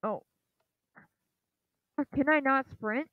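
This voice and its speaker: A woman giving casual commentary while she plays a video game. She sounds unsure and apologetic, uses many fillers, and urges the game on with quick repeated shouts. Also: a little high, no echo. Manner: hesitant and apologetic, lots of fillers. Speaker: gaming channel host. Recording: tinny lo-fi, phone-like sound.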